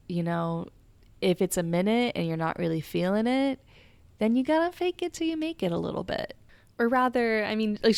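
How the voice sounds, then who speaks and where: A young woman speaks in a whispered role-play, her low voice carrying a gravelly fry. She talks candidly and emotionally, swearing freely as she shares personal reflections. The recording is close and dry, with no room sound. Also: no room sound. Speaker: podcast host. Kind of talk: soft-spoken personal reflection.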